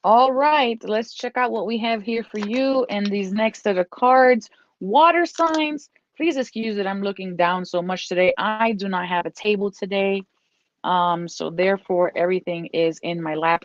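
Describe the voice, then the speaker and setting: A woman's voice: mid-range voice, steady tone, unhurried, a little hiss or hum. A woman giving a casual tarot reading. She is encouraging and repeats herself, and now and then she breaks off to scold her dog. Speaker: tarot reader. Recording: dull lo-fi dry recording.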